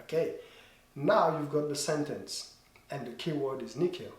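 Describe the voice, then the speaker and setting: A man's voice: a little high, moderate pace, reverberant. A man teaching dance to camera, explaining points and repeating them, with small grammar slips. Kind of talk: instructional talk to camera.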